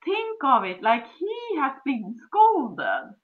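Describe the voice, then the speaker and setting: A woman's voice: sits high, huge pitch swings, slow. A woman with a Swedish accent, a relationship coach, explaining step by step and acting out sweet dialogue. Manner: acts out dialogue with sweet cooing voices. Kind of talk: instructional conversation. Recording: dull lo-fi sound.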